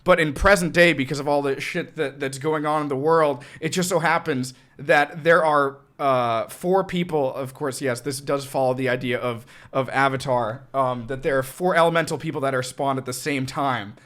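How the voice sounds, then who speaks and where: A young man co-hosting a casual podcast, explaining an idea with many pauses and fillers. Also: medium pitch, fairly even intonation, fairly bright tone. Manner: hesitant, searching for words. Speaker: podcast co-host. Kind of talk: casual chat.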